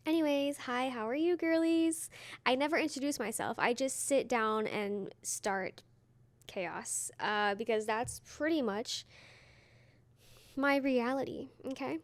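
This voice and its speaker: A woman's voice: high-pitched, measured pace. A young woman hosting her own podcast alone, chatting casually in a rambling, self-mocking way with lots of fillers. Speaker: podcast host. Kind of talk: solo casual podcast chat.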